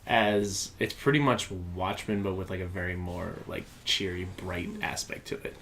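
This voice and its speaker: Male co-host, lowish voice, slight background hiss, hesitant and loose. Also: fairly even intonation, normal speed, creaky, a bit bright. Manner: loose, hesitant, lots of fillers. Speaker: podcast co-host. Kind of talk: casual chat.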